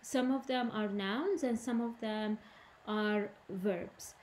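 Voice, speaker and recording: A woman's voice: mid-range voice, slow, darkish tone, slight background noise. Woman teacher. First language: Arabic. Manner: explains in English then repeats in Arabic. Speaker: English teacher. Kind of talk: recorded classroom lesson.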